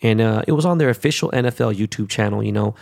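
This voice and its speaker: A vlogger rants casually to the camera about crypto and sports teams, rambling, hyped up and swearing a lot. His voice is on the low side, quick, creaky and a little mellow. He says he is of Korean descent, which is his heritage rather than where he's from.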